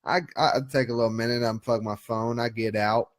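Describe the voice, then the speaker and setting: A man co-hosting a casual comedy podcast, telling stories and firing off quick one-liners. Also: medium pitch. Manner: deadpan joke-teller, rapid one-liners. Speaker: podcast co-host.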